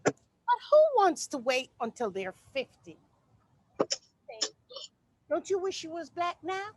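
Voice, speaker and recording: An actress performing a stage monologue as a sassy, outspoken woman with mocking, expressive shifts of tone. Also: very high voice, slow, no echo, full character voice. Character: sassy, outspoken grown woman airing grievances. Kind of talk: theatrical monologue.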